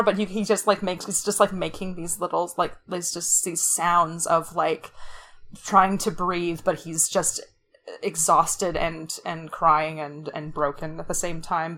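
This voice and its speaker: A woman's voice: fairly low pitch, pushed and bright. Rambling laughing woman podcaster. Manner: rambling, swears, laughs often. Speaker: podcast co-host. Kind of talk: casual chat.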